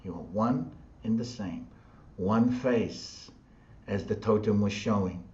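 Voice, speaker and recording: Nz guy preaching slow and repetitive, low voice, roomy muffled sound. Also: warm tone. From New Zealand. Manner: slow, repetitive, chant-like phrasing. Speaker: spiritual teacher. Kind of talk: spiritual talk. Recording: dull sound in an echoey room.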